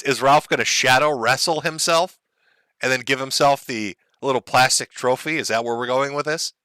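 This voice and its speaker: A man on a livestream rants in a mocking, profane way and breaks into laughs at his own jokes. His voice is bright and tense, and his pitch swings widely. The sound is dry and close, with no room around it. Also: dry recording. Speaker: livestream host.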